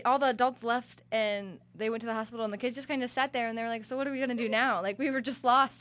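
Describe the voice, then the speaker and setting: A young woman telling a story in a casual radio chat, chatty and full of "like". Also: a little high. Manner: chatty, uses "like" a lot. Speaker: show regular.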